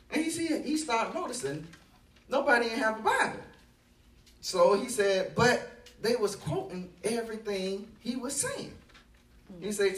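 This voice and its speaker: A man preaching a sermon as pastor, telling a story and building to loud, emphatic delivery. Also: high voice, reverberant, recorded from a distance.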